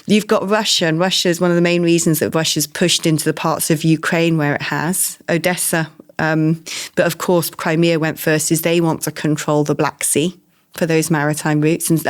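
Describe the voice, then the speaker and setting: A woman holding forth in a casual political chat, her voice pitched a little low and talk running quick. She swings into mock quotes and keeps the energy up. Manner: animated, rapid, with quoted asides. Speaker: guest commentator.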